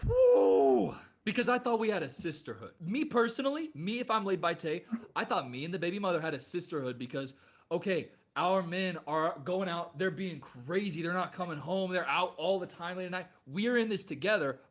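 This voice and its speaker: A woman's voice: fairly low pitch, animated, fairly quick, lo-fi sound. A woman hosting a reaction video, exclaiming and ranting in casual commentary. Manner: dramatic and exclamatory, with frequent outbursts.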